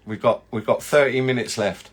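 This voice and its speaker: A man's voice: medium pitch, fairly even intonation, normal speed, breathy edge. A man, a chocolatier hosting a casual live chat and rambling through viewer comments.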